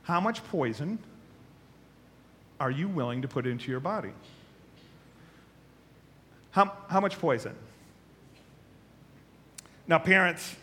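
Animated male pastor preaching. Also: medium pitch, slight background noise. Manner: animated storytelling, acts out voices. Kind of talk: sermon.

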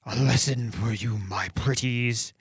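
A man voicing a huge, bored plague demon who speaks slowly and wearily. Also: mid-range voice, husky, dry recording, clean studio sound. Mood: weary theatrical. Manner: slow, drawn-out, world-weary delivery.

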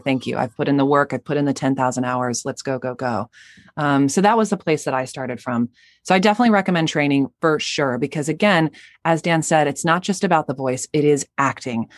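Low-voiced woman, bubbly guest. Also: no echo, studio quality. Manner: bubbly, laughs often. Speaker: interview guest, actor. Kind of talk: casual interview chat.

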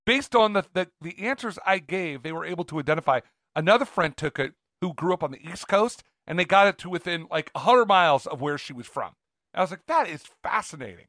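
A man from Northern California co-hosting a podcast, telling stories in an animated, rambling way. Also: high-pitched, a little fast, no room sound, clean studio sound. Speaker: podcast co-host. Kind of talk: casual chat.

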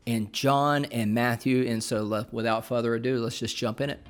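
A man's voice: mid-range voice, fairly even intonation, moderate pace, music in the background. A man co-hosting a casual podcast about scripture, who often agrees with his partner and explains points with homely everyday comparisons. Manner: affirming, folksy, uses everyday comparisons. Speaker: podcast co-host. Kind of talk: casual Bible-teaching chat.

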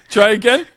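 A man's voice: extremely high pitch, a bit bright, no room sound. A British man hosting a casual podcast, rambling and laughing often, swearing freely. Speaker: podcast host.

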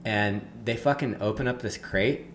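A man telling a story in casual conversation, full of fillers like "like" and "um," and getting animated when he quotes other people. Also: lowish voice, normal speed, slight background noise. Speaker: guest.

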